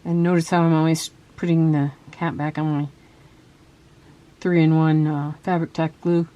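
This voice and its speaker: Low-voiced woman chatting through a craft. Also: little pitch movement, a little slow, lo-fi sound. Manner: soft-spoken, chatty, trails off while working. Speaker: craft video host. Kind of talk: casual crafting tutorial.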